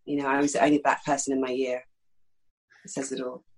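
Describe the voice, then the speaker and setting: A middle-aged actress from East London with a slight lisp, telling frank, animated stories in a candid interview. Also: female voice, extremely low pitch, quick pace, breathy edge, rough recording. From East London, England. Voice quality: slight lisp that sometimes creeps in. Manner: frank, animated storytelling with many fillers.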